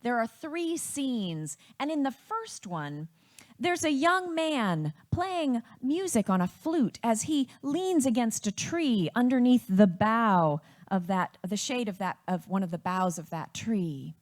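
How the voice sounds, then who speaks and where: A woman from Wisconsin telling a personal family story in a reflective, unhurried way. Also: fairly high pitch, big pitch swings.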